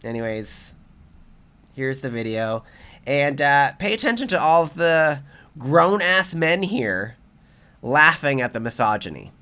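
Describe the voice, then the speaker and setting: A man's voice: medium pitch, sing-song, unhurried, bright, forceful tone. A man giving angry, profane reaction commentary in a heated ranting manner. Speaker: commentary vlogger.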